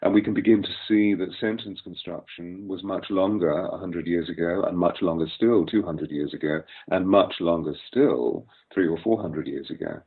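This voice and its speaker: Deep-voiced older man with RP accent. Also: moderate pace, few pauses, breathy edge. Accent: Received Pronunciation. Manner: articulate, lecturing, long flowing sentences. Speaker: voice coach guest. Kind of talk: expansive interview explanation. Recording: tinny phone-like sound.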